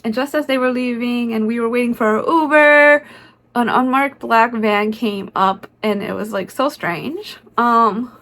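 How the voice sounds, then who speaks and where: Woman vlogger, slightly high voice, excitable and chatty, casual narration full of fillers. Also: measured pace. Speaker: concert vlogger.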